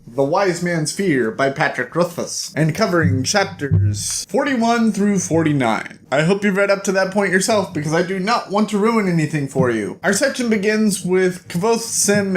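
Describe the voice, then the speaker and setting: Chatty guy recapping a book, animated, voice a bit on the high side. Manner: animated, chatty, acts out characters. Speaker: book reviewer. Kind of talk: casual book review vlog.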